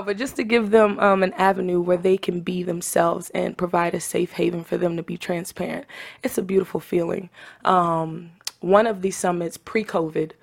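Passionate young woman, lowish voice. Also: vocal fry. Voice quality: trained singing voice. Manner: passionate, emotional, chatty with many fillers. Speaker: guest, founder of a mentoring organization for teen girls. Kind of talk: casual interview chat.

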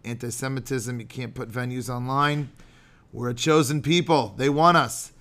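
A middle-aged man with a medium-pitched, slightly bright voice and fairly even intonation speaks at a moderate pace. Hosting a podcast as a rabbi, he gives an animated sermon that's chatty, jokey, and digressive, sometimes chanting Hebrew prayer lines.

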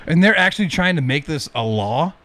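A man's voice: on the high side, expressive, a little fast, a bit bright. A man co-hosting a podcast, chatting in a profane, incredulous way and laughing often. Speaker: podcast co-host. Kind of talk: casual podcast chat.

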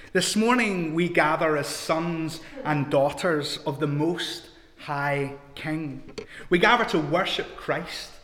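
A man's voice: a little high, fairly bright tone, echoey room, long reverb tail. A man preaching a sermon to his congregation in a church, talking in a conversational way and asking them questions.

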